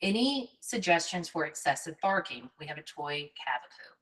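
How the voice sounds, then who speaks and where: A woman's voice: very animated, moderate pace, a bit bright, recorded from a distance, poor audio. A woman hosting a casual chat and answering a viewer question. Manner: chatty, drops into high baby talk with puppies. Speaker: host.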